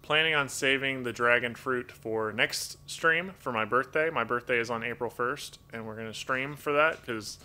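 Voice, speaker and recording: A man hosting a live stream from home, reading out donations in a rambling, halting way, full of fillers and restarts, grateful and thinking aloud. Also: medium pitch, bright, forceful tone, smooth. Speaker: livestream host reading donations. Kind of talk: casual live-stream chat. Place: home with pet toucans.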